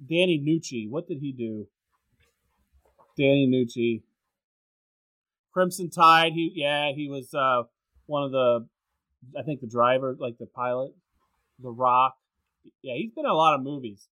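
A man's voice: mid-range voice, a little slow, pauses often, bright, forceful tone. A man co-hosting a podcast in casual film-review chat, rambling, opinionated and profane. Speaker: podcast co-host.

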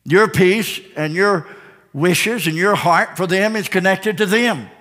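A man preaching a sermon as pastor, swinging between hushed, drawn-out lines and soaring, repeated phrases. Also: high-pitched. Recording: long hall reverb.

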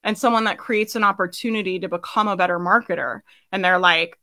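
A woman's voice: medium pitch, a little fast, hardly any pauses, pushed and bright. A young woman hosting a live business coaching session, talking casually and emphatically, often asking "right?" and laughing. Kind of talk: casual motivational coaching talk.

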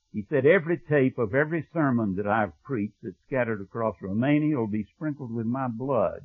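A man preaching a sermon, telling a story and dropping to a hushed, low voice when he quotes. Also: husky, dry recording. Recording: thin phone-like audio, dry.

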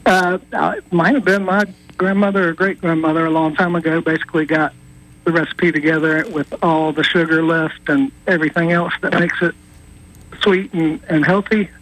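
Man, radio caller, rambling, hesitant, slightly high voice. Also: steady tone, moderate pace, a bit bright, poor audio. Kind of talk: call-in radio chat.

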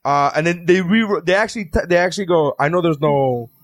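A man's voice: fairly high pitch, brisk. A man co-hosting a podcast in casual banter, swearing often and acting out what friends said. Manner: animated, swearing, acts out quoted friends. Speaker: podcast co-host.

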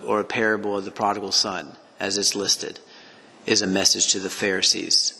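A man's voice: on the low side, vocal fry, bright, forceful tone. A man teaching on a Bible passage for a podcast, reading scripture aloud and reflecting on it as he goes. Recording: long hall reverb.

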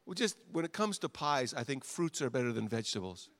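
A middle-aged male pastor preaching a sermon, repeating short phrases and swinging from quiet to loud. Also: mid-range voice, sing-song, brisk.

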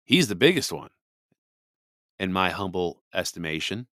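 A podcast host offers casual Bible commentary, walking through scripture conversationally and leaning on "you know." His low-for-a-man voice is sing-song and a bit bright, at a moderate pace, dry and close with no room sound. He drives his points home with a preacher's emphasis.

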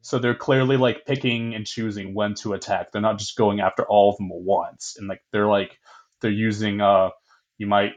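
A man's voice: fairly low pitch, fairly even intonation, normal speed, lo-fi sound. A young man hosting a casual history podcast, rambling with many fillers, laughing often and swearing casually. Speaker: podcast host.

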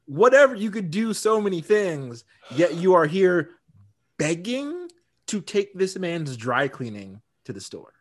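A man co-hosting a podcast, chatting loosely and laughing often. His voice sits a little high. Its pitch swings widely as he riffs. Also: a little slow. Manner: laughs often, animated and talkative. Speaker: podcast co-host. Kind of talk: casual chat.

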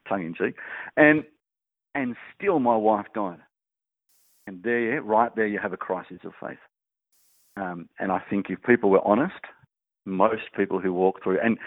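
A man, a grief researcher and guest, telling anecdotes in an animated, casual way. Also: on the low side, no echo. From Australia. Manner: animated storyteller, laughing through anecdotes. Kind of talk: casual storytelling chat. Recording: dry, tinny phone-like line.

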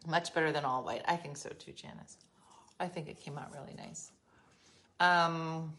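A woman with a low-pitched voice talks to her viewers on a livestream from her home. She tells stories in a chatty, exasperated way, with quick asides. She is recorded on a phone. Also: a bit bright. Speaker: livestream host. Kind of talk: casual live chat with viewers. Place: her home, being renovated.

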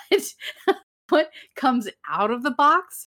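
A woman's voice: sits high, animated, slow pace, sharp tone. A young woman co-hosting a podcast, casually swearing and acting out characters as she recaps a TV episode. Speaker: podcast co-host.

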